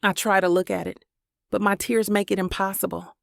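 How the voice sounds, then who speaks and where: A woman's voice: mid-range voice, fairly even intonation, fairly quick, creaky, no echo. A woman reading a first-person romance audiobook in an earnest, emotional way, close to the microphone. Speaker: audiobook narrator.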